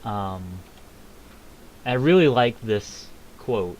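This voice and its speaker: A man's voice: lowish voice, measured pace, slight background noise, low-quality recording. A young man casually commenting on a game's lore, rambling with many ums and self-deprecating jokes.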